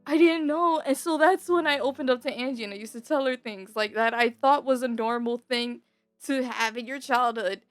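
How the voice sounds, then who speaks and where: Young woman with a high voice rambling through a story, slangy, dry close sound, faint music under it. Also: moderate pace, dry recording. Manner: rambling, slangy, full of "like" and "bro". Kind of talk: casual personal storytelling. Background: soft background music.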